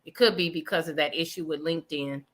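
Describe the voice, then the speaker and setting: A woman's voice: low-pitched, steady tone, fast talker, a bit bright. A woman co-hosting a live online telethon, teasing her co-host playfully and laughing often over a video call. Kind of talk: casual banter on a livestream.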